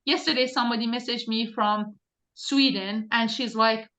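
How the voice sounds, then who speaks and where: A woman's voice: on the high side, steady tone, moderate pace, a bit bright. A woman team leader coaching her recruiters on a group video call, talking directly and insistently with many restarts.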